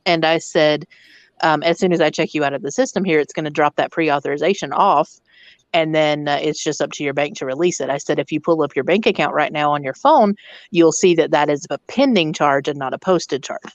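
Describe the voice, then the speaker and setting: A woman's voice: low voice, brisk, no echo, dull audio. Blunt woman telling a profane story. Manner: blunt, profane, animated retelling. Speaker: hotel district manager. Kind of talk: casual storytelling rant.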